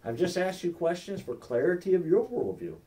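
A man's voice: high voice, huge pitch swings, fairly quick, dark tone, far from the mic. A man teaching a church class on sharing faith, talking conversationally, checking in with the class and acting out quoted exchanges. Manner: conversational, asks the class questions, acts out quoted dialogue.

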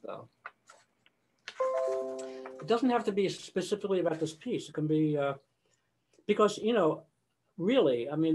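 Older male choral conductor, slightly high voice, chatty lecturing over a video call, sings snippets to illustrate points. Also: a little mellow, husky. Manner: conversational, sings example phrases mid-explanation.

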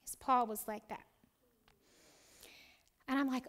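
Teaching a Bible study, a middle-aged woman shares a personal story, acting out lines with animation and whispering a prayer. Her voice is high-pitched and she speaks slowly.

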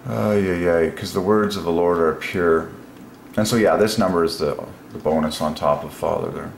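A man hosting a casual solo video, musing aloud and breaking into excited exclamations. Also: low voice, moderate pace, gravelly. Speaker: religious video host. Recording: echoey room with faint noise.

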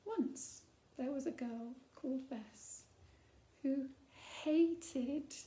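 Slow, mellow woman reading to children. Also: sits high, slight background noise. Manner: chatty asides to young listeners, playful whispers. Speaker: storytime reader. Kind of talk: children's picture book read-aloud.

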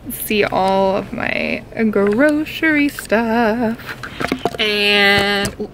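Chatty young woman vlogging from her car. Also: mid-range voice. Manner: rambling, chatty, lots of fillers. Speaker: vlogger and tarantula keeper. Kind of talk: casual vlog chat. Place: inside a parked car. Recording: vehicle noise behind.

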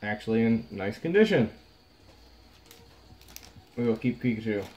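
A young man casually talking through opening trading card packs on a vlog, frustrated, swinging between low muttering and sudden outbursts. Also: lively intonation, unhurried, darkish tone, dull audio. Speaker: card pack opener.

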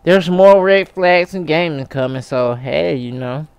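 A man's voice: a little slow, vocal fry, smooth, dry recording. A man doing a comedic gaming vlog, breaking into squealing, over-the-top tearful thank-you speeches. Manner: theatrical, jumps into squealing high-pitched mock sobbing speeches. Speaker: gaming YouTuber.

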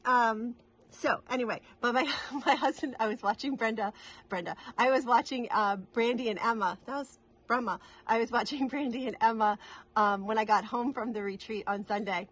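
A woman's voice: on the high side, normal speed, fairly bright tone. A middle-aged woman from New England, chatting casually to camera in a rambling, giggly way with many restarts. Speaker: cross-stitch vlogger.

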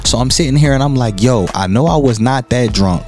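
Animated young man telling a story. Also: a little fast, faint music behind. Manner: animated storytelling, swearing, jumping up high when outraged. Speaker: travel vlogger. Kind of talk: storytime narration.

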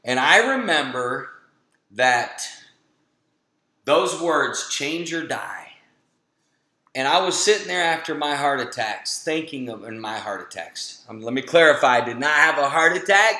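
In an echoey room, a man in his thirties delivers a motivational webinar talk, sharing a personal story and performing the voices of people he quotes. His medium-pitched voice sounds pushed and bright.

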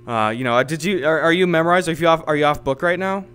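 A man streaming from home, improvising a comedy role-play in a halting, rambling way full of fillers. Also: a little high, a bit bright, clear, resonant tone, faint music behind. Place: home streaming setup, playing in virtual reality.

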